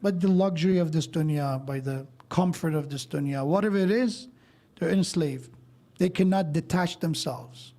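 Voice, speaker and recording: Man preaching at a mosque, kinda high but mellow voice, walks thru verses and tells little stories. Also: moderate pace. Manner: explains verses step by step, tells stories with quoted dialogue. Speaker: speaker at a mosque. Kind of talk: sermon.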